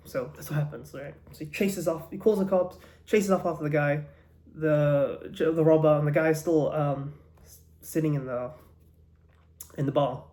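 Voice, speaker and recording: A man's voice: on the high side, fairly even intonation, moderate pace, dark tone. Rambling man stumbling through a joke. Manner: rambling, stumbling, many restarts and fillers. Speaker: comedian telling a joke. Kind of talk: casual joke telling.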